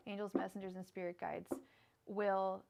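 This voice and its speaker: A woman's voice: mid-range voice, flat delivery, moderate pace, creaky, darkish tone, a little hiss or hum. A young adult woman doing a casual live-stream tarot reading, who murmurs repeated card invocations and rants heatedly. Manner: casual, swears, calls viewers girl. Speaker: tarot reader.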